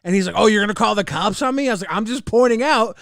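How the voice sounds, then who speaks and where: A man's voice: sits high, fast talker, a bit bright, no echo, studio quality. A middle-aged man hosting a casual chat show, laughing through his own stories as he reads out chat comments. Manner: storytelling, laughs through anecdotes. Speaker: show host. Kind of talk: casual chat reacting to old clips.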